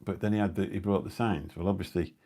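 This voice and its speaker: A man's voice: deep voice, fairly even intonation, fast, dark tone. A middle-aged man hosting a live stream, chatting indoors at home in a rambling, anecdotal way with dry asides. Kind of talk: casual rambling chat. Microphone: new phone or mic on a live stream.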